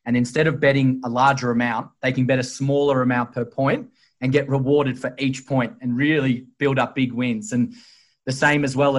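A man speaks as a podcast guest, holding his pitch level as he explains. He leans on fillers and restarts, circling back to his point. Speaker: sportsbook executive guest. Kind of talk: podcast interview.

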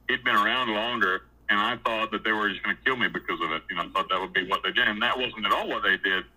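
On a low-quality recording, a man with a husky, mid-range voice tells his own story casually and ramblingly. His language is blunt and profane, full of restarts and repeated words, and he grows animated when recounting scenes.

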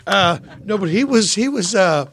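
A man telling a story in casual podcast chat, animated and profane, acting out other people's voices. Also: sits high, normal speed, crowd noise. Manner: animated, profane, acts out voices and a crying movie monologue.

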